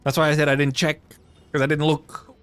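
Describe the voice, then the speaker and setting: A young man streaming a video game, thinking out loud with playful, swearing, laughing casual commentary. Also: fairly high pitch, completely flat delivery, a little fast, clear, resonant tone, soft background music.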